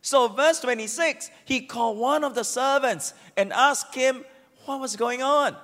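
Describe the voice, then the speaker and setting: High, lively preacher in an echoing hall. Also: male voice, unhurried. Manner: animated, asks the congregation to respond. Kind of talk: sermon.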